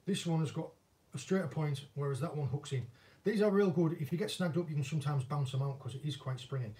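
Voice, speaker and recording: Mellow-voiced northern English angler. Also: male voice, fairly high pitch, fast talker. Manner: chatty, self-deprecating, rambling. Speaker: angling vlogger and former commercial fisherman. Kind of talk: casual viewer Q&A chat. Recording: voice a bit distant from the mic.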